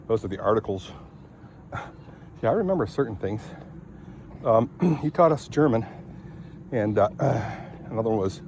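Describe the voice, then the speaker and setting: A middle-aged man from Michigan, talking in a rambling, chatty way and often clearing his throat. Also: medium pitch, very animated, unhurried, long pauses, mellow, a little hiss or hum. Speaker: vlogger. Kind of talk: rambling casual chat.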